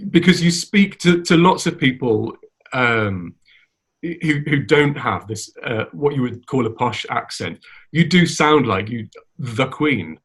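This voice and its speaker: A man's voice: mid-range voice, a bit bright, breathy edge. A man interviewing a guest, asking loosely phrased, chatty questions. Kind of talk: conversational interview. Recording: muffled lo-fi sound.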